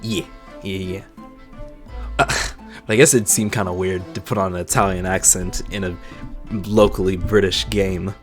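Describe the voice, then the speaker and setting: A man's voice: deep voice, fairly even intonation, normal speed, pauses often, soft background music. A man streaming a game, cracking jokes and profane asides between voicing characters. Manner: joking, laughing, profane asides. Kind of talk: live-stream chat and voice acting.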